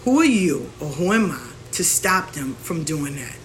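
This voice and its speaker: Animated woman from New telling stories. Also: low-pitched, measured pace, a little hiss or hum. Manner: animated storytelling, acts out quoted people. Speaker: spiritual practitioner and host. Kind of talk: casual monologue.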